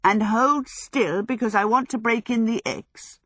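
A woman's voice: a little high, a little slow, fairly bright tone, dry recording, studio quality, voice pushed up. A woman voicing a stubborn, pious old woman who speaks firmly and primly. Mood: bossy. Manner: firm, prim.

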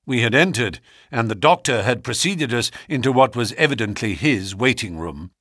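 A man narrating a classic novel audiobook in a measured storytelling manner. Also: breathy edge, no room sound, studio quality. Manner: measured storytelling with expressive pitch.

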